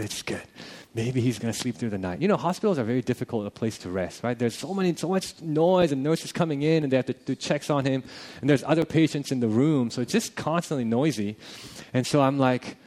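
A young man tells a personal story about his family and faith in a relaxed, conversational way. His voice sits in a middle pitch, and he grows animated as he acts out what others said, chuckling along the way. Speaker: father telling a personal story. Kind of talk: casual personal testimony.

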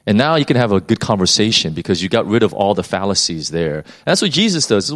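Preacher, male, lively rising-and-falling delivery, casual teaching tone, stumbles over repeated words. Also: fairly low pitch, fast, few pauses. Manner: animated, repeats words while thinking. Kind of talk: conversational Bible teaching.

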